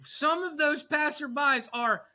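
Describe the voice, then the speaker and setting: A man's voice: very high-pitched, unhurried, sharp tone. A man co-hosting a podcast, retelling a film scene with wry, chuckling comments. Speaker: podcast co-host. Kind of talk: casual chat retelling a film.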